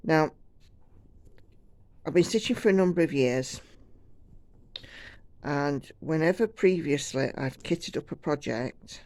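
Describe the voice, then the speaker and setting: A woman's voice: low voice, slow, pauses often, darkish tone, dry recording. A woman from the United Kingdom chatting casually and rambling while she stitches at home. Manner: chatty, rambling, self-deprecating. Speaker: cross-stitch vlogger.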